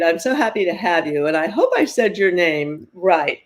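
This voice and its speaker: A woman's voice: on the low side, lively intonation, normal speed. An older woman hosts a podcast interview in a bubbly, chatty way. She laughs often between her questions and keeps the guest talking. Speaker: podcast host.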